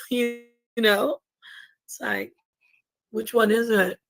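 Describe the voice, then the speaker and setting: A woman hosts a livestream of casual, rambling chat, correcting herself mid-sentence and laughing often. Her fairly high voice is slow and sing-song. The livestream mic gives it a low-quality sound.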